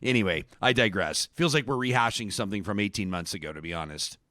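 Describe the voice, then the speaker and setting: A man's voice: lowish voice, lively intonation, fast talker, pushed and bright, no echo, clean studio sound. A Canadian man co-hosting a podcast, chatting casually about the news with a rambling, conversational manner. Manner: conversational, rambling with restarts and fillers. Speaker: podcast co-host.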